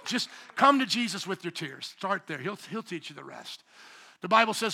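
A man preaching a sermon as pastor, a parent of young children, swinging between loud emphatic bursts and quiet low asides. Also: animated, normal speed, creaky. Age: young adult to middle-aged, a parent of young children.

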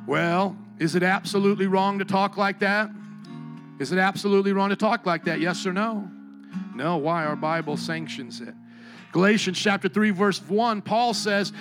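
A man preaching a sermon to his congregation, animated and joking, now and then acting out other voices. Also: a little high, gravelly. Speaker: pastor.

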